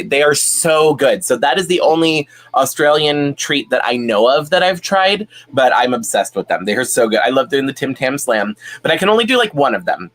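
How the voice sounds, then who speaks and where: A man's voice: medium pitch, fairly bright tone. Chatty man hosting a casual live stream. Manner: chatty, rambling, frequent fillers and restarts. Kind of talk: casual live-stream chat, reading comments.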